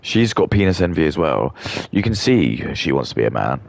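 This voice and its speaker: A man's voice: very deep voice, very animated, moderate pace, creaky, slight background noise. A young man rambling through a contemptuous rant as a streamer. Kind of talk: ranting casual monologue.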